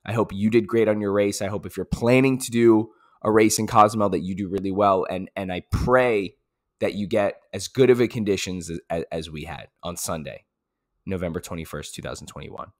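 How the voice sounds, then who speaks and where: A man's voice: lowish voice, fairly quick. A man giving a casual, pumped-up recap of his race as a triathlete, repeating phrases and swearing for emphasis.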